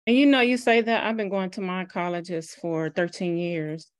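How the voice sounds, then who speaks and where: A woman's voice: lowish voice, normal speed. A woman guest on a panel, sharing her own patient experience expressively. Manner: expressive, acts out quotes. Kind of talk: personal storytelling on a panel.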